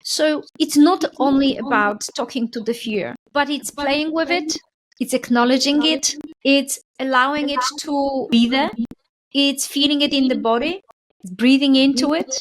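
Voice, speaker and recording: A woman's voice: sits high, steady tone, measured pace. A middle-aged woman, a spiritual coach who is a guest on a podcast, telling stories animatedly and often adding a questioning "right?". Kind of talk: podcast conversation.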